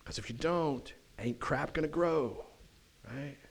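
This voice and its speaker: A man preaching a sermon as pastor in a church, in a folksy, animated way with casual slang and quick asides. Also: on the high side, creaky, slightly rough.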